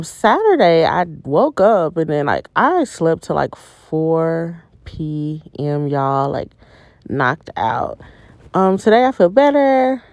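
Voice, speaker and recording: A woman in her 20s, sounding tired, does casual vlog talk to camera, chatty and dramatic and often speaking to viewers directly. Her voice is lowish with no room sound. The phone video is low quality and carries car noise.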